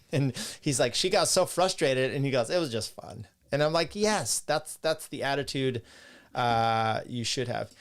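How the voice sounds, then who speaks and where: A middle-aged man hosting a podcast, rambling casually with profane, chuckling asides as he reads viewer comments. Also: medium pitch. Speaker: podcast host. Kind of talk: casual live-stream talk, reading chat.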